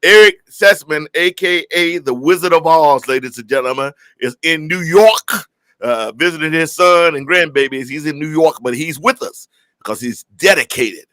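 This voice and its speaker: A man's voice: a little high, normal speed, bright, forceful tone, no echo. A man from California hosting a live music stream, greeting viewers by name in a joking, folksy way. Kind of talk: casual live-stream chat reading viewer comments.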